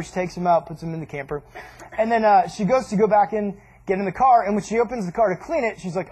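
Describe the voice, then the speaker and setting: A man's voice: sits high, fast talker, slight background noise. A man casually telling a funny camping story to a group, acting out voices as he goes. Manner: animated, acts out voices and laughs.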